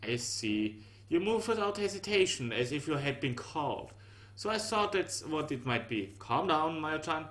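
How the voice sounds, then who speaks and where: Man doing a frantic young man yelling. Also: a little high, very animated, normal speed, pitched above the performer's own voice. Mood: urgent. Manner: urgent, pleading, breaks into shouted repeated syllables.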